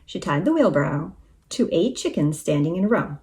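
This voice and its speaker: A woman teacher reading a children's storybook aloud in an expressive, animated way. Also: low-pitched, a little fast.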